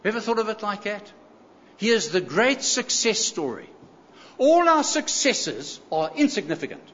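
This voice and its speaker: A man's voice: sits high, sing-song, moderate pace, fairly bright tone. A man preaching a sermon, emphatic, repeating key phrases and asking the congregation rhetorical questions. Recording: echoey hall, slightly dull sound.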